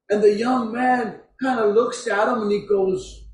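A man preaching a sermon, telling a story in a slow, deliberate way, recorded from a distance in a room. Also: high voice. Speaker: pastor. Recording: echoey room from far off.

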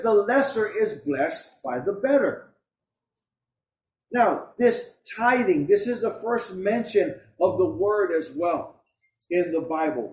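A man's voice: sits high, darkish tone. A middle-aged man preaching a sermon as pastor, talking in an emphatic, conversational way. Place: church. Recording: echoey room, voice from a distance.

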